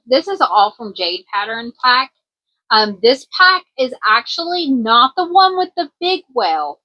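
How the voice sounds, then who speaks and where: A woman's voice: on the high side, pushed and bright, dull audio. A woman from Kentucky with a country twang, chatting casually in a craft vlog as a small business owner, rambling a little with plenty of ums. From Kentucky, USA. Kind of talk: casual show-and-tell vlog.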